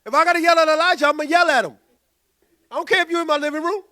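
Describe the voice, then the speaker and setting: A male pastor, preaching a sermon in an animated way and acting out quoted voices. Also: extremely high pitch, rapid-fire. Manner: animated, acts out quoted voices, loud bursts.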